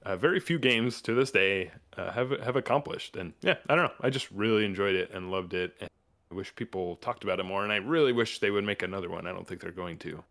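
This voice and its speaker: A man's voice: sits low, fast, a bit bright. A man from New Mexico hosting a podcast, talking in enthusiastic, rambling casual chat with many fillers and restarts. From New Mexico, USA. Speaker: podcast host.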